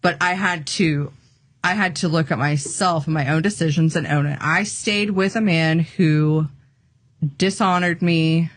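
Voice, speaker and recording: Podcast co-host, woman, low pitch, dry close mic, candid storyteller. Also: measured pace, no echo. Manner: candid, laughs often while storytelling. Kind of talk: casual chat.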